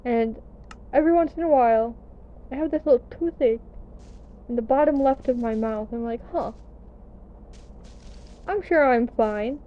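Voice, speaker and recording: A woman's voice: on the high side, normal speed, pauses often, narrow, tinny audio, slight background noise. A young American woman telling a story in a casual, chatty, self-deprecating way, swearing now and then. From United States. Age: young adult. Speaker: gaming vlogger. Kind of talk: casual storytelling over gameplay.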